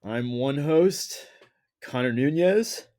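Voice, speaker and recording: A man's voice: medium pitch, animated, takes it slowly, a little mellow. An American man hosting a podcast interview, teasing and joking with his guest. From United States. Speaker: podcast host. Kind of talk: casual interview chat.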